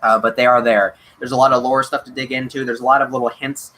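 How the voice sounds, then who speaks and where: A man's voice: mid-range voice, flat delivery, quick pace, bright, forceful tone, a little hiss or hum, poor audio. A man hosting a casual livestream Q&A, answering chat questions in an eager, chatty way with lots of ums and restarts.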